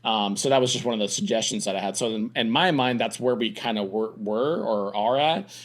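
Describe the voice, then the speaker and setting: Rambling young dad chatting on a podcast. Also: male voice, lowish voice, a little fast. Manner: rambling, many restarts and fillers. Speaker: podcast co-host. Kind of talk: casual podcast chat.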